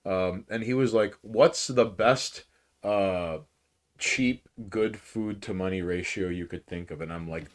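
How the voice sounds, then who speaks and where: A man from New York co-hosting a podcast, telling stories in a profane, animated way with big swings in loudness. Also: low voice, measured pace. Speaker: podcast co-host. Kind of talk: casual chat, storytelling.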